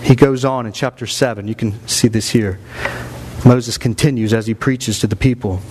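A man's voice: medium pitch, fairly even intonation, normal speed, a little mellow, a little hiss or hum. A man in his thirties preaching a sermon in a church, reading scripture aloud and rising into emphatic bursts. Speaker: pastor. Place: church sanctuary.

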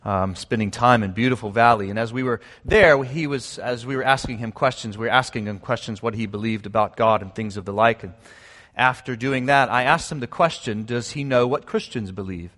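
A man pastor leading a prayer and then preaching, relaxed and conversational with frequent fillers. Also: medium pitch, brisk, big-room sound. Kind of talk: sermon.

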